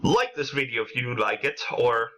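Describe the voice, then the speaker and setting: A man's voice: mid-range voice, normal speed, poor audio. A young adult man telling funny personal stories in a casual vlog, acting out quotes with a raised voice. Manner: animated, acts out quotes in a raised voice. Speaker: vlogger.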